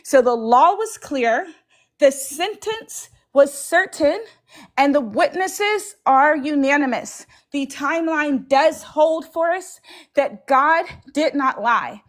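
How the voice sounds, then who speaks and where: A woman debater arguing her case in a measured, deliberate way. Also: high voice, lively intonation. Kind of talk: formal debate argument.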